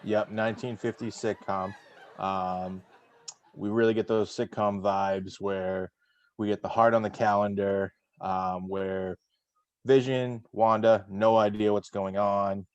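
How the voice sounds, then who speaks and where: Low-voiced man hosting a chatty recap. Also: little pitch movement, slow, dry recording, lo-fi sound. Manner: rambling, many fillers and restarts. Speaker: podcast host. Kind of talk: casual chat.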